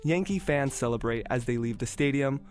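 A man's voice: medium pitch, a little fast, soft background music. A man narrating a radio story in a playful, wry scripted style.

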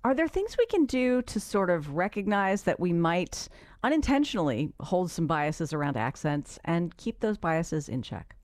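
A middle-aged woman hosting a public radio interview in a measured, conversational way. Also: fairly low pitch, big pitch swings, a little mellow, no echo, studio quality. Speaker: radio show host.

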